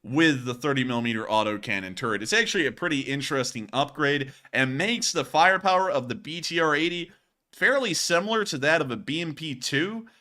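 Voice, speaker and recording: A man's voice: fairly high pitch, lively intonation, fairly quick, sharp tone. A man hosting a war news show, commenting casually and jokingly over footage. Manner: chatty, joking, says y'all.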